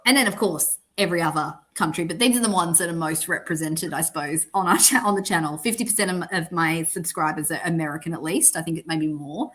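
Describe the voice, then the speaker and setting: A woman's voice: on the low side, fairly bright tone. A woman, hosting a casual livestream chat and laughing often. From Australia. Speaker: podcast host.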